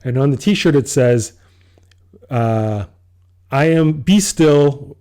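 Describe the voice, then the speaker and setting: Telling a personal story while co-hosting a podcast, this man chats casually, performing his own quoted lines and laughing frequently. His mid-range voice is expressive, slow, mellow and smooth.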